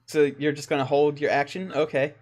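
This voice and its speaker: A man acting as dungeon master, patiently explaining the rules to his players and quick to laugh. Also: fairly high pitch, a little mellow. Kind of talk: running a tabletop game.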